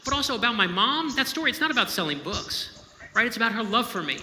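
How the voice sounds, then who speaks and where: Fast, bright and forceful, a novelist's very high voice swings widely in pitch as he delivers an inspirational storytelling talk. He speaks in a conversational, emphatic way and often checks in with the audience, with slight background noise and the long reverb of an echoey hall.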